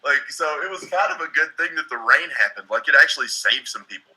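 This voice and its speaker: A man's voice: a little high, lively intonation, quick pace, sharp tone, rough recording. A man from Tennessee with a Southern accent, chatting casually and profanely on a live stream, telling joking stories. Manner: profane, joking, drawling storyteller. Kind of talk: casual chat.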